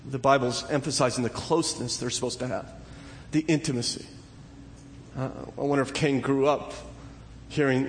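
A pastor preaching a sermon. He builds to emphatic, animated peaks and then drops back low. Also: moderate pace. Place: church sanctuary. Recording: long hall reverb, faint noise.

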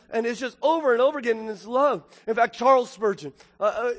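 High-voiced man preaching in a reverberant hall. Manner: dynamic preaching, swinging from booming to hushed. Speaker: pastor. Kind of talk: sermon.

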